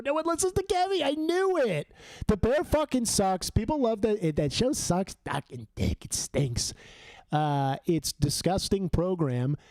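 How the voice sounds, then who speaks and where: A young man hosts a casual live stream, tearing into topics in foul-mouthed, rambling rants. His pitch swoops lively up and down, set a little high, and his tone is mellow and warm. The sound is close and dry. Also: no room sound. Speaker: livestream host. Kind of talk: casual live game watch-along commentary.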